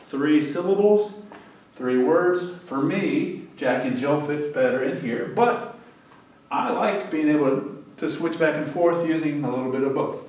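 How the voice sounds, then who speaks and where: Slow-talking music teacher in an echoey room. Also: male voice, on the high side, darkish tone. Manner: counts beats aloud and chants rhymes rhythmically. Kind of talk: recorded music lesson for children. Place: classroom.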